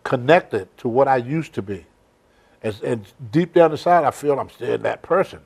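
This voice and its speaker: A man's voice: medium pitch, animated, moderate pace, creaky, darkish tone, husky. Older man telling rambling folksy stories. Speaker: host. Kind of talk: casual storytelling chat.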